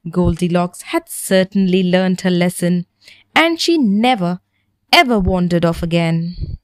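A woman narrating a bedtime story for children in a gentle, expressive manner. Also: fairly low pitch, measured pace, smooth, no room sound.

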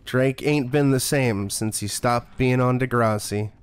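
Slow-talking, foul-mouthed man streamer. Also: medium pitch, clean tone. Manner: profane, sarcastic, mock-scared rambling. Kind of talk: casual gameplay commentary.

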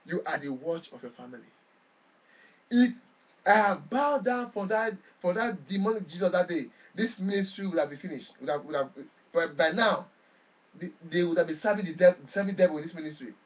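A man preaching a sermon forcefully, swinging between loud bursts and quiet drops. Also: high-pitched, expressive, a little fast, far from the mic, muffled recording.

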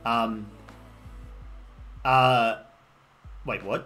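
Speaking into a desktop mic over faint background music, this Australian man rambles through a casual game stream, greeting chat and responding to viewers. His mid-range voice is a bit bright and swings widely in pitch, moving at a moderate pace with frequent pauses.

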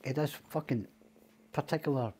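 A man's voice: medium pitch, normal speed, mellow, slightly rough. Scottish man, rambling profane storyteller. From Scotland. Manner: rambling, swears a lot. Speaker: podcast guest. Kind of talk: casual storytelling chat.

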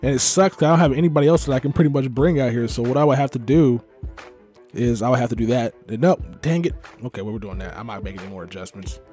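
A young gaming YouTuber from Texas commentating his own football video game match, sliding between low muttering and frustrated outbursts. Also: fast, over music. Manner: swings from muttering to frustrated yelling. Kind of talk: live gameplay commentary.

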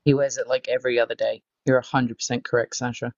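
A woman's voice: a bass voice, level tone, darkish tone, no echo. Playful woman with dull lo-fi sound. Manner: playful, teasing, quick sales patter. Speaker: co-host promoting merch. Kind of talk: casual livestream chat.

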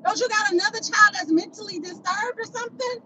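Furious high-voiced woman ranting on a phone. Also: a little fast, sharp tone, a little hiss or hum, rough recording. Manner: confrontational, profane, repetitive insults. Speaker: livestreamer ranting at critics. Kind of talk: angry livestream rant.

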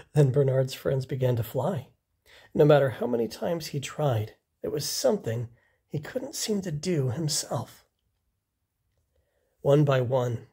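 A reader reading a children's picture book aloud, slow and expressive. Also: medium pitch, gravelly, slightly rough. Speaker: storybook reader. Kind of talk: children's story read-aloud.

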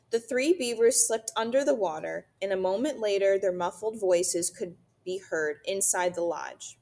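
A woman's voice: fairly low pitch, normal speed, creaky, few pauses, mellow. Woman reading a children's novel aloud. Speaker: reader.

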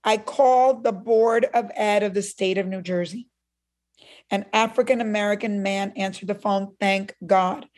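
A middle-aged woman from Cuba, a guest in an interview, telling a personal story in an animated way and acting out what others said. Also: mid-range voice, normal speed.

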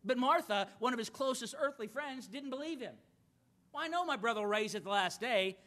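Man, pastor, sermon, bright sharp voice, earnest, repeats and restarts. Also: very high-pitched, expressive, fairly quick. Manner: earnest preaching with frequent repeated words and restarts. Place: church auditorium.

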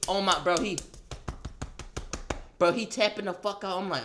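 A young man telling a wild personal story, excitable and profane, acting out a fight with loud sound effects and rambling restarts. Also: high voice, moderate pace. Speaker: storyteller vlogger. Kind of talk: animated storytelling.

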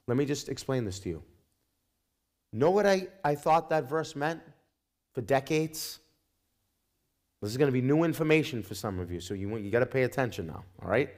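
A man preaching in a notably high voice, pressing his points with repetition and direct appeals to the congregation. He keeps the tone of a pastor's sermon, conversational yet insistent.

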